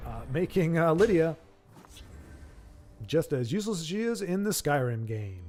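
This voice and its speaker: A man's voice: a little high, big pitch swings, moderate pace, music in the background. A man casually commentating a card game on a live stream, reading chat aloud, rambling and correcting himself with jokes. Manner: rambling, self-correcting, jokey.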